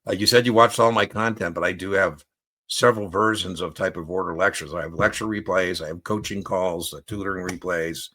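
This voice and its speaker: Deep-voiced man tutoring in casual talk. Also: steady tone, brisk, sharp tone. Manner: conversational, storytelling, acts out quoted dialogue. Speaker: exam prep tutor. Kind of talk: casual spoken lesson with anecdotes.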